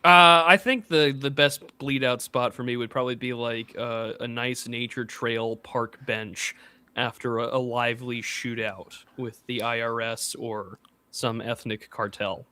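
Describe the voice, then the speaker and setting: A man's voice: mid-range voice, steady tone, a little slow, bright, forceful tone, smooth. A young man hosting a podcast, chatting casually in a sardonic, joking, rambling way. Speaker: podcast host. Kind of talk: casual chat.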